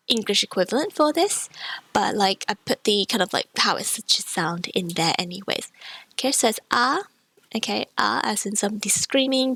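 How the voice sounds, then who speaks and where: A woman's voice: medium pitch, a bit bright, no room sound. A woman teaching a beginner Cantonese pronunciation lesson, explaining patiently step by step. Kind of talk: language lesson.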